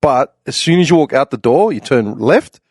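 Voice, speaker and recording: A young Australian man spins a rowdy travel story in an easygoing chat, laughing as he goes and jumping up loud for the lines he quotes. The recording is dry and close, with no room around his voice. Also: medium pitch, normal speed, husky, no room sound. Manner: animated, acts out quoted voices loudly, laughs often. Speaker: podcast panelist.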